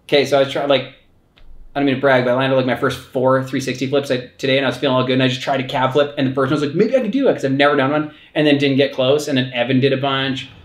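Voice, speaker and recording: A man's voice: medium pitch, little pitch movement, fast talker, reverberant. A man co-hosting a casual podcast chat, joking and rambling with skater slang. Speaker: podcast co-host.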